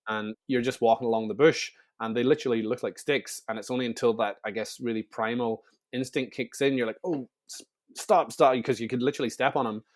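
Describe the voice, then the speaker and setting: A man in his thirties talks quickly and loosely as an interview guest. He is chatty and keeps restarting his sentences. His pitch sits at an ordinary middle height. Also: steady tone. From Northern Ireland. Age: 30s. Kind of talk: casual storytelling interview.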